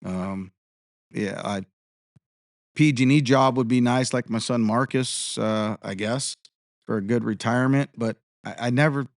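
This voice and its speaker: A man's voice: medium pitch, measured pace, dry recording, studio quality. A man in his fifties, a guest in an interview, telling rambling anecdotes in a casual way and acting out the dialogue he quotes. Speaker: interview guest, tribal chairman and contractor.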